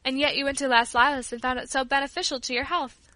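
A woman's voice: high voice, steady tone, fast, sharp tone, no room sound. A tender, earnest father, as a woman reads him. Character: gentle caring father of a family.

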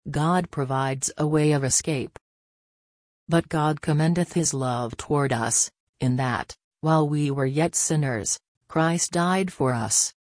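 A man reading a daily devotional aloud in a measured, reverent manner. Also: a little high, no echo, studio quality. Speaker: devotional reader.

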